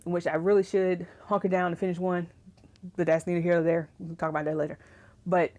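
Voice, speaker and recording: A young woman chatting casually to camera about writing, animated and ranting, laughing often. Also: fairly low pitch. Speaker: writing vlogger.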